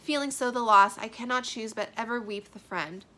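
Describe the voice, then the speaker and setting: A lovesick young girl speaks in heightened, emphatic verse, read aloud by a woman. Her voice is bright and ringing, and she stresses each word with feeling. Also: a little high, moderate pace, close to an everyday voice. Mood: guarded. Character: young lovesick girl, Juliet, anguished and passionate. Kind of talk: dramatic reading of a play.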